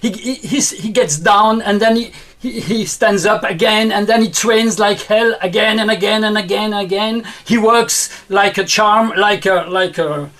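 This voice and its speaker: High-pitched Frenchman, emphatic panel guest. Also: normal speed, few pauses, fairly bright tone. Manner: emphatic, repeats words for stress.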